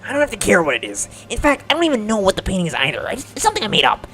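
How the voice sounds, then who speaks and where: A woman's voice: medium pitch, wildly swooping pitch, racing, fairly bright tone, pitched above the performer's own voice, rough recording. A woman voicing a cool, dry young male puzzle master who explains things matter-of-factly in a visual novel. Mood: explaining. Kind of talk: voiced visual novel reading.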